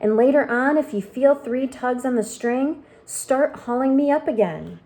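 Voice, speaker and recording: A woman's voice: sits high, measured pace, mellow, pitched above the performer's own voice. A woman doing a brave young boy. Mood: determined.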